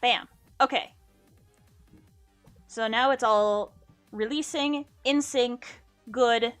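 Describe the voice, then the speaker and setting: Young female streamer, casual, self-deprecating, fairly high voice, light music bed. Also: slow. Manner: chatty, self-mocking, hums little sound effects. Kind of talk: casual gameplay chat. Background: soft music.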